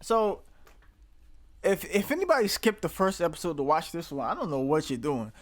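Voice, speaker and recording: Chatty guy reacting to a tv show, kinda high voice, dead dry sound. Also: sing-song, normal speed, no echo. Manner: rambling, laughing, swears casually. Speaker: reaction video host. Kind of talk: casual reaction commentary.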